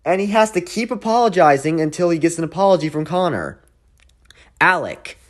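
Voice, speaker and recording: Man, channel host, ranting commentary, exasperated, swears a lot, slightly high voice, very expressive pitch. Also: brisk. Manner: exasperated, swears often, swings between quiet grumbling and loud outbursts. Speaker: channel host reviewing a cartoon episode.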